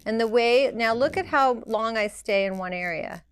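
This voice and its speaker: A woman's voice: fairly high pitch, normal speed, smooth, dry recording, clean studio sound. A woman teaching a hands-on permanent makeup lesson, practical and direct, imitating the machine's rhythm with little sounds. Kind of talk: hands-on demonstration.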